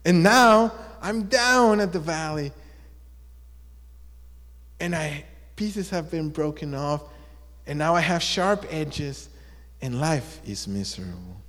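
A man's voice: a little high, a little slow, fairly bright tone. A man voicing a gloomy rock that keeps complaining its life is miserable, in a mournful, whiny way. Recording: long echo of a large hall.

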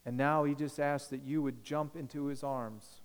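A man preaching a sermon as pastor, emphatic, swinging from loud declarations to hushed appeals. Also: medium pitch, fairly even intonation, normal speed, clean tone, in a large hall.

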